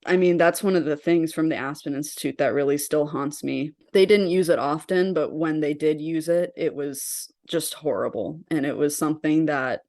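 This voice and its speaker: A woman's voice: low-pitched, moderate pace, few pauses, a little mellow, dry recording, studio quality. A young woman telling personal stories as an interview guest, earnest and full of casual fillers. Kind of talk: personal storytelling in a podcast interview.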